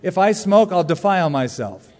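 A man in his forties preaching a sermon to a congregation, joking and animated, leaning hard into emphasis. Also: high voice, moderate pace. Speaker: pastor. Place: large church sanctuary. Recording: long reverb of a large church hall.

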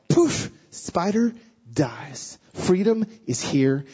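A male preacher with a very high, husky voice gives an animated sermon, acting out dialogue as he tells stories. The recording sounds dull and lo-fi. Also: moderate pace. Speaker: guest speaker. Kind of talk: sermon with storytelling.

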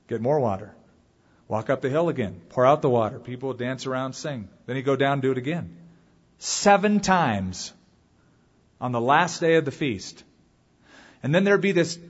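Male pastor, husky and fairly high, animated sermon delivery, dull lo-fi sound. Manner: dramatic, animated preaching that swings from loud calls to quiet asides.

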